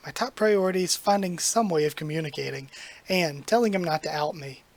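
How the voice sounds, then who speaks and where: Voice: mid-range voice, a little fast, lightly acted. A reader plays a young witch woman with a secret, thinking aloud in a nervous, rambling way, spoken like a manga panel read to camera. The voice stays close to the reader's own. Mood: determined. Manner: anxious, rambling inner monologue.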